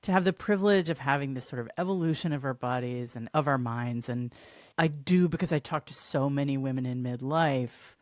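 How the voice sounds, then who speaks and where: A woman's voice: very deep voice, fairly quick, dry recording, clean studio sound. A woman in her fifties, a guest on a podcast, talking openly and enthusiastically in casual conversation. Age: 50s. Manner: open, enthusiastic, talkative. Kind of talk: casual chat.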